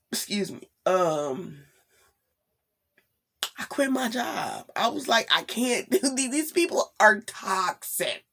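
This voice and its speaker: A woman's voice: fairly low pitch, fairly bright tone. A young woman vlogging casually late at night, tired and rambling, laughing often and asking "you know what I'm saying?". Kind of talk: casual spiritual vlog.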